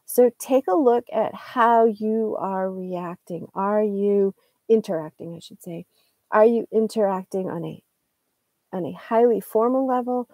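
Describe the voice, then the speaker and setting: A woman teaching English in a live lesson, pausing to search for words and correct herself, with light laughs. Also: mid-range voice, mellow, no room sound.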